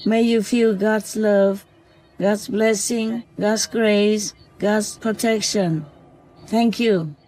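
A spiritual vlogger speaking gently at night to an unseen animal, softly giving blessings and often asking "okay?", then calmly recounting their day. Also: mid-range voice, poor audio. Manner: soft, slow, affectionate blessings with repeated "okay?".

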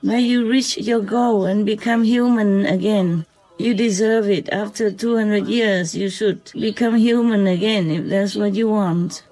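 A soft-spoken vlogger who talks gently and affectionately, as in a spoken diary at night. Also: medium pitch, steady tone, unhurried, soft background music, low-quality recording. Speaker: vlogger speaking to a visiting fox spirit. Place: outdoors at night by a forest.

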